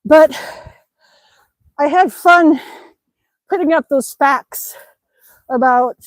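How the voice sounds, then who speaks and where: A chatty woman with a high, bright voice streams live from outside in the snow, reading viewers' comments aloud and laughing often. She sounds a little winded from exercise, and the sound is close and dry. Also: very slow, no echo, low-quality recording. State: slightly out of breath from exercising outdoors. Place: outdoors in the snow.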